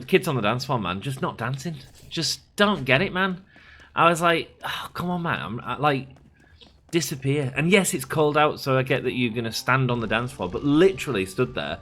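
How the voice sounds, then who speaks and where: A man's voice: mid-range voice, expressive, moderate pace, sharp tone. A man in his thirties, a gaming channel host, rambling through chatty anecdotes while playing, slightly sick. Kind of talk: casual let's play commentary.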